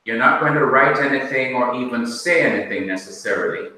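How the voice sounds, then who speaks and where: A man with a Jamaican accent teaching a language class in a classroom, speaking deliberately and quizzing his students with questions. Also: medium pitch, pushed and bright. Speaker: Bible teacher. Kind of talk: classroom lecture. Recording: echoey room, mic far off.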